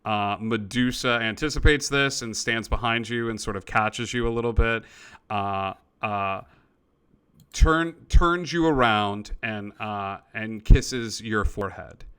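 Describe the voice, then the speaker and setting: A man's voice: on the low side, a little slow, fairly bright tone, smooth. A man running a tabletop role-playing game as game master, narrating loosely with many uh and um fillers. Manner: loose, filler-heavy, frequent uh and um.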